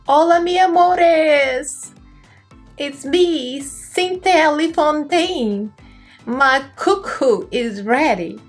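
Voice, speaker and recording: A woman with a Russian accent putting on a playful, flamboyant drag queen voice in a high, drawn-out, campy tone. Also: faint music behind.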